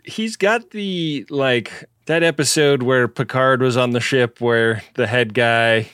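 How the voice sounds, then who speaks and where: A man's voice: mid-range voice, slow pace, fairly bright tone, clear, resonant tone, dry recording, studio quality. A man co-hosting a podcast, casually summarizing the plot and laughing often. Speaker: podcast co-host. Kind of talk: casual chat.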